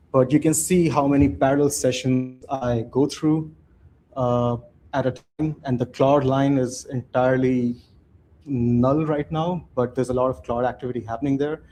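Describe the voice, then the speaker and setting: A man's voice: mid-range voice, steady tone, measured pace, a little mellow. Man giving a loose conference talk. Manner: loose, conversational, with many "right?" tags and restarts. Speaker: conference speaker. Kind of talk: live conference talk with slides.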